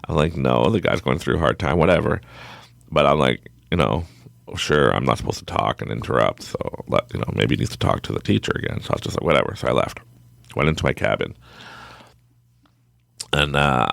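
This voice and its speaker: A man telling a story in a casual, animated way, laughing often and acting out his own thoughts in different voices. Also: extremely low pitch, brisk, gravelly, dry recording. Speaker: podcast guest.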